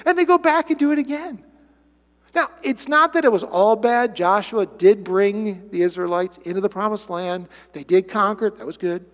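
A male pastor preaching a sermon in an animated way, with sarcastic asides. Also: very high-pitched, moderate pace. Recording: long hall reverb.

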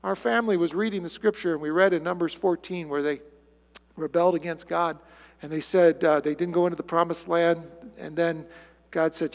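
A male pastor preaching a sermon in an animated way, with sarcastic asides. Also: fairly high pitch, fairly quick. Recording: long hall reverb.

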